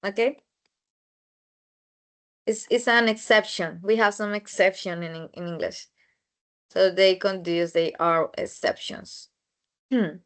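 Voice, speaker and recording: A woman teaching an English grammar lesson in a slow, methodical way, repeating words as she goes. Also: mid-range voice.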